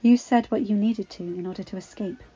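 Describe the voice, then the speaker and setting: A kindly older housekeeper, as a woman narrator plays her, soft-spoken and gently chiding in a storybook. Slightly dull recording with faint music under it. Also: medium pitch, fairly quick, breathy edge, close to an everyday voice. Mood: motherly.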